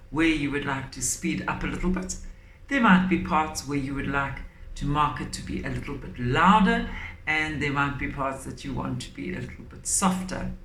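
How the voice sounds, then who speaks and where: A woman teacher giving a lesson for children, speaking clearly and deliberately and stressing key words. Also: sits low. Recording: echoey room, faint background noise.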